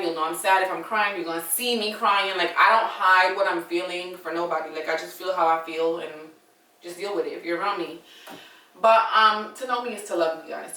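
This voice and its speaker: A woman's voice: mid-range voice, pushed and bright, reverberant, far from the mic, low-quality recording. A young adult woman telling a story in a casual, dramatic way and talking straight to her viewers. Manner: chatty, dramatic, addresses viewers as y'all.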